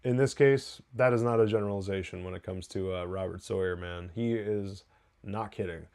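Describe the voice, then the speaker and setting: A man hosting a live TV review show, recapping an episode in a loose, excited, profane way with lots of fillers. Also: low voice, normal speed. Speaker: TV review podcast host.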